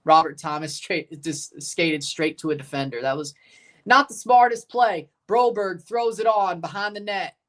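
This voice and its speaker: A woman hosting a live hockey watchalong, giving relaxed play-by-play, answering chat questions and erupting into shouts on goals. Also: on the low side, normal speed. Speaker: livestream host.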